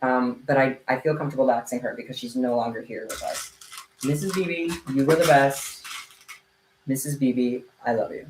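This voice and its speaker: Giggly streamer teasing the chat, roomy echo at home, kinda boomy. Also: fairly even intonation, normal speed, slight background noise. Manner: playful and teasing, laughs often. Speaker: livestream host. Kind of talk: casual chat with viewers. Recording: echoey room.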